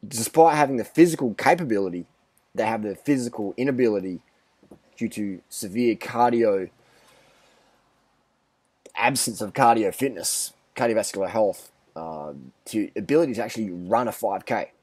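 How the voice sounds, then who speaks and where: A man's voice: lowish voice, moderate pace, a little mellow, breathy edge, no room sound. A man in his forties ranting bluntly and boastfully to camera as a fitness and diet vlogger, swearing often and restarting his sentences. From Australia. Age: 40s. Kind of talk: casual rant to camera.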